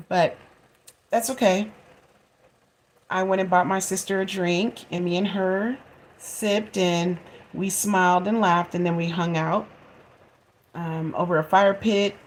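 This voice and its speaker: A woman in her forties telling a funny home story to her viewers in a chatty, expressive way and laughing at herself. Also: on the low side. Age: 40s. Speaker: vlogger. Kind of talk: casual storytelling to camera.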